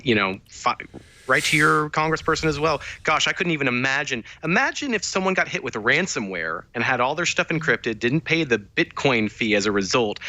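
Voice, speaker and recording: A man's voice: a little high, sharp tone. A man who is a guest on a tech panel, chatting earnestly with some hesitations. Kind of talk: casual panel chat.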